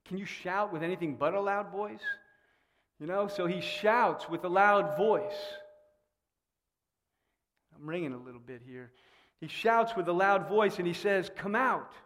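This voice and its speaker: A man preaching a sermon in a church, animated and fond of rhetorical questions. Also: sits high, measured pace, pauses often, background noise. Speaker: pastor. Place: church sanctuary. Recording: long reverb in a church hall.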